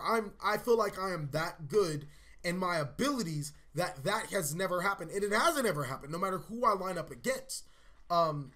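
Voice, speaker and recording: A young man talks straight to his viewers, telling a story in a loose, animated way. His voice sits high and sounds bright. He swears freely and acts out his own reactions as he goes. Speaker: channel host. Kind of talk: casual storytelling vlog.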